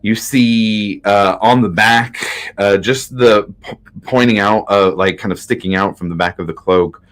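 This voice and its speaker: Brief: very deep male game master, halting narration with lots of fillers. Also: fairly even intonation, a bit bright. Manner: halting, many fillers, low-key.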